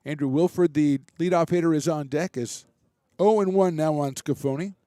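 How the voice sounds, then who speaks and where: Man, baseball play-by-play, relaxed chatty delivery, fairly high voice, warm dark tone, dry close-mic sound. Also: normal speed, no echo. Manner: relaxed, chatty, self-deprecating asides. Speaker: play-by-play announcer.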